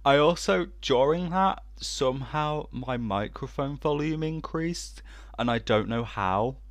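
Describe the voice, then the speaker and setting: Slow, laid-back man podcasting from home. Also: mid-range voice, dry recording. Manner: laid-back, laughs often. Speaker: podcast host and editor. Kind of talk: casual chat. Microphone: own desk microphone.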